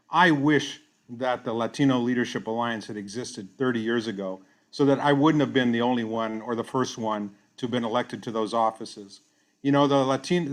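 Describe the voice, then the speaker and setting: An older man, a former mayor and foundation president, giving measured, formal prepared remarks at a gala. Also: medium pitch.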